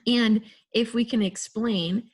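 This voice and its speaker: A woman's voice: on the high side, steady tone, takes it slowly, darkish tone, breathy edge. A married woman sharing an earnest, encouraging story with her team on a group call. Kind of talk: motivational casual talk.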